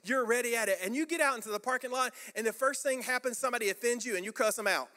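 A man's voice: extremely high pitch, racing, bright, forceful tone. A man preaching a sermon as pastor, emphatic and rhetorical, repeating phrases for effect.

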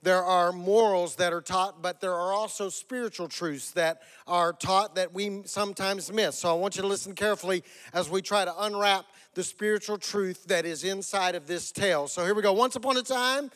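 A man's voice: high voice, fairly even intonation, moderate pace, hardly any pauses, a bit bright, clean tone, big-room sound. A male pastor giving a sermon in a conversational, joking, self-deprecating way.

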